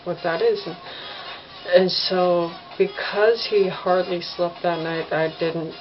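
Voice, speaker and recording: A woman, a mother, telling a ghost story in casual speech to a propped-up camera at home, halting with many fillers and restarts. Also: fairly low pitch, fairly even intonation, dull audio. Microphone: phone or camera propped up, no tripod.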